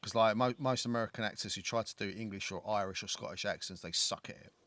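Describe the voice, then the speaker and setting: A man's voice: lowish voice, quick pace, fairly bright tone, no room sound. A man co-hosting a casual film podcast, talking in rambling bursts with frequent restarts and the odd swear word. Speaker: podcast co-host.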